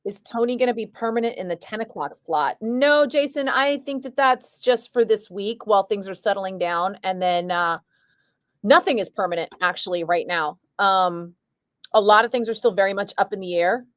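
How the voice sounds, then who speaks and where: A woman's voice: mid-range voice, moderate pace, a bit bright, dry recording, studio quality. A middle-aged woman, a radio DJ, chatting casually and bluntly with her stream viewers and answering their comments. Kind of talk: casual livestream chat.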